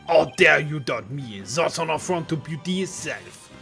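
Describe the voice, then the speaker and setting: A man's voice: on the high side, lively intonation, unhurried, creaky, sharp tone, soft background music, exaggerated voice. A man voicing a flamboyant, vain male suspect obsessed with beauty, speaking in a haughty, theatrical mock-French manner while reading a game aloud. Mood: affronted.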